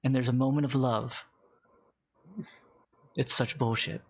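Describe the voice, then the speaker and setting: A man running a tabletop game as game master, narrating with wry, halting asides. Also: medium pitch, level tone, vocal fry, husky, lo-fi sound.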